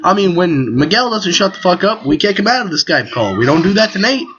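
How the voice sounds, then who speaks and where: A man hosting a casual podcast, telling a story in a profane, animated way over an internet call. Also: sits high, fairly quick, dull audio, over a noisy crowd. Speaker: podcast host. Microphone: Skype call recording.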